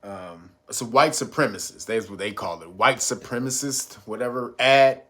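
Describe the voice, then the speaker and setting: A man hosting his own channel, telling a story in casual, slangy commentary, animated and chuckling often. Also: medium pitch, normal speed. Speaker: channel host.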